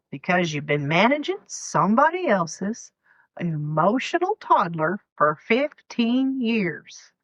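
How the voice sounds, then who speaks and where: Podcast host, woman in her fifties, Southern accent, sarcastic and animated, drawls slowly, dry lo-fi sound. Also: lowish voice, no echo. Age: 50s. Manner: sarcastic, animated storytelling with mock quotes. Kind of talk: sarcastic comedic monologue.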